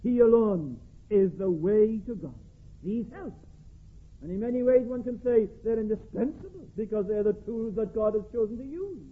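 A man preaching a sermon, emphatic and deliberate, stressing single words. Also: high-pitched, lively intonation. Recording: tinny phone-like band, husky.

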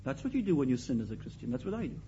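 A man preaching a sermon in an emphatic way, repeating his key phrases and swinging between loud and quiet. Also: medium pitch, big pitch swings, very fast, muffled recording, a little hiss or hum.

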